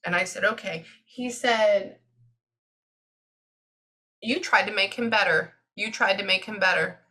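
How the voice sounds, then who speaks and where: A Texan woman giving a medium's reading in an animated, chatty way, often pausing to listen. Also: mid-range voice. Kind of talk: casual spoken reading session.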